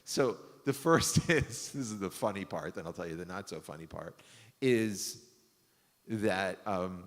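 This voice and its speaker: A man's voice: low voice, animated, a little slow. A man, a rabbi, tells stories in a casual, rambling way, full of fillers and restarts. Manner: rambling, many fillers and self-corrections. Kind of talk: casual storytelling talk. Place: synagogue hall. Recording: long hall reverb.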